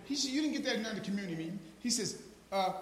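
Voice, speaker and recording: Fervent high-voiced preacher man. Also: expressive, rapid-fire. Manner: fervent, calls listeners by name, repeats "now watch this"; builds to shouting peaks. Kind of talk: informal sermon. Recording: roomy echo.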